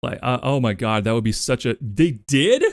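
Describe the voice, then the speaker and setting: A man's voice: medium pitch, animated, moderate pace, no echo. A male streamer chatting loosely to his viewers, laughing and cursing as he goes. His voice rises and falls animatedly and sits dry and close to the mic. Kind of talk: casual livestream chat.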